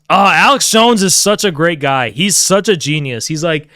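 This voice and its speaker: Male streamer, rambling sarcastic rant with frequent laughs; bright, crisp, dry. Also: fairly high pitch, expressive, moderate pace, no room sound. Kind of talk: casual political rant.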